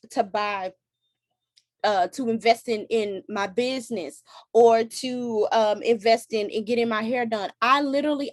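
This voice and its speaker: A woman's voice: on the high side, dry recording, studio quality. A woman hosting a faith-based advice talk, earnest and candid, often restarting her sentences. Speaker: host.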